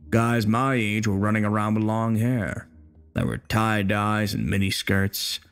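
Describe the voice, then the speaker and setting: Low, gravelly, crude old veteran, hostile and menacing, slow and profane, voiced by a man in a story reading. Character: bitter, crude, hostile older male war veteran.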